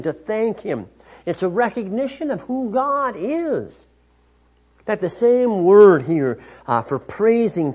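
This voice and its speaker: A man preaching a sermon, slow and measured, often restarting his phrases. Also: high-pitched, a little mellow, husky.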